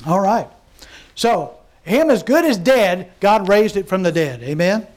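A man preaching a sermon in a conversational way, often asking his congregation questions and quickly acting out the voices of mockers. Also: sits high, animated, a little mellow. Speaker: pastor.

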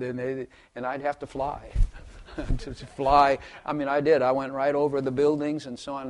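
An older man preaching a rambling, folksy sermon to his congregation, chuckling and repeating words as he goes. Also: mid-range voice. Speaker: pastor.

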